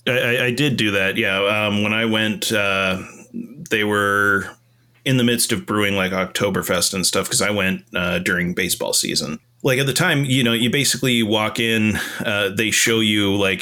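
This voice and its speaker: A man's voice: on the low side, moderate pace, sharp tone. A man hosting a podcast, chatting casually, swearing freely and laughing a lot. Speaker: podcast host. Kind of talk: casual chat.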